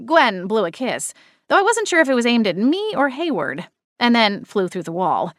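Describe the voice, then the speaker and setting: A woman narrating a cozy mystery audiobook in first person, expressive and playful. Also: on the high side, normal speed, no echo, studio quality.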